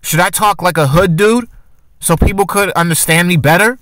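A man's voice: high-pitched, moderate pace, a bit bright, no room sound. A man giving casual opinion commentary for his channel, arguing his point with rhetorical questions and frequent restarts. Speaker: commentary vlogger.

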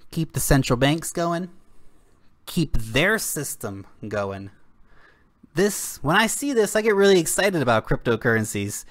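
A man's voice: mid-range voice, fairly bright tone, no room sound, clean studio sound. A young adult man hosting a video channel, delivering an indignant, sarcastic rant to camera in blunt, slangy words. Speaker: crypto video host. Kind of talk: ranting commentary to camera.

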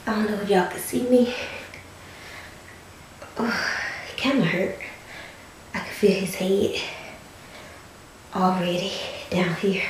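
A woman's voice: medium pitch, takes it slowly, long pauses, roomy sound, background noise. A pregnant woman, chatting to her viewers in a casual vlog, out of breath from working out at home. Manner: chatty, addresses viewers as y'all. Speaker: vlogger. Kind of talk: casual vlog chat to camera. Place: bedroom in her mother's house.

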